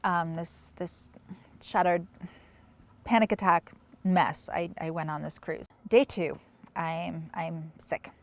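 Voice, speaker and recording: A middle-aged woman giving personal testimony in an interview, soft-spoken and halting, with many pauses and restarts, sometimes near a whisper. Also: on the low side, steady tone. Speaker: sign language interpreter.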